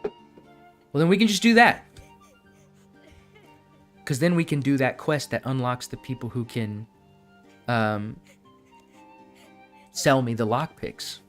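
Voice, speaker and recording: A man's voice: mid-range voice, slow, long pauses, fairly bright tone, faint music behind. A man streaming a game live, chatting casually and thinking aloud, often breaking into laughs.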